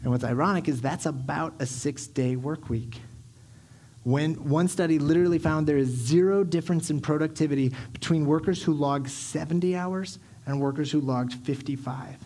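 A man's voice: on the high side, normal speed, dark tone. A man in his thirties preaching a sermon, telling stories animatedly and acting out his children and himself. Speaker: pastor. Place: church sanctuary.

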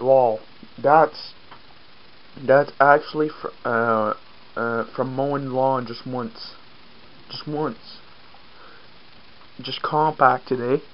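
Acadian French-accented male vlogger, chatty and self-deprecating, outdoors on a farm, muffled camera audio. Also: medium pitch. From Acadian, New Brunswick. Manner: rambling, self-mocking, swears casually. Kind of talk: casual outdoor vlog. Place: outdoors on a farm, rainy day.

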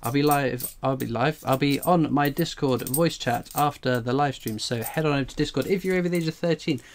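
A man chats away on his livestream, jokey and rambling as he reads out chat messages. He talks at a middling pitch and sounds buzzy from strong coffee. A faint hiss sits under his voice. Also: a little fast. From England. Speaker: livestream host, coin collector.

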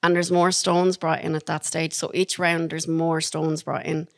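A woman's voice: sits low, moderate pace, creaky, no echo, studio quality. Chatty Irish woman telling stories. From Ireland. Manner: chatty and animated, laughing through anecdotes. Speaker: podcast guest. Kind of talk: casual storytelling.

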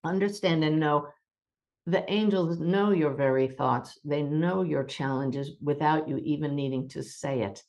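Woman, low register, spiritual podcast host; calm, reassuring, measured delivery that eases down in tempo at times. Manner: gentle, reassuring.

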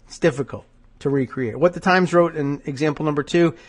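A man with a blocked nose hosts a political talk show, his voice sitting slightly higher than most men's. He reads quotes aloud and pauses to pick them apart. His tone stays sardonic and wry. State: stuffed nose. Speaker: podcast host. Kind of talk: political commentary.

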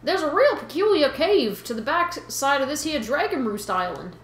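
A woman's voice: high voice, sing-song, moderate pace, fairly bright tone, roomy sound, voice pushed up. A woman voicing a pushy male talking fish in a put-on Boston accent, reading game dialogue aloud. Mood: pushy, teasing.

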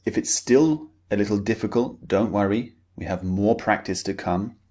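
A man with a British accent giving a recorded pronunciation lecture, saying model words slowly and repeating them for learners to copy. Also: lowish voice, a little mellow. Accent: British English. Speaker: pronunciation teacher.

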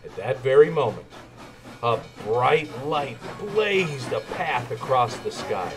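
A man reading a children's storybook aloud, with expressive, animated narration. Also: medium pitch, slow pace, over music. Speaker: children's book reader.

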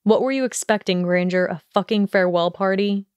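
A haughty young wizard who snaps cold, snide remarks, read out by a woman. He talks at an unhurried pace. The audiobook recording is dry and close. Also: fairly low pitch, steady tone, a little mellow, clean tone, no echo, close to an everyday voice. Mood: snapping. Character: sneering arrogant young wizard man.

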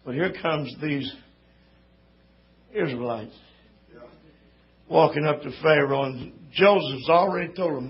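A man preaching a sermon, folksy at first and building to impassioned shouting. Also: fairly high pitch, slow, pauses often, husky, lo-fi sound.

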